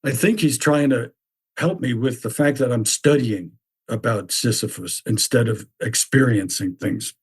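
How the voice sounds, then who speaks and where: Husky-voiced man with wry asides. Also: mid-range voice, unhurried. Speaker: podcast narrator. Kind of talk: reflective spoken essay.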